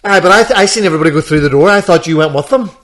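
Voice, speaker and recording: A man's voice: a little high, rapid-fire, a bit bright. A man, co-hosting a podcast and telling a rambling story, acting out what people said. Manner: rambling storyteller, acts out quoted dialogue. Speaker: podcast co-host. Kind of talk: casual chat.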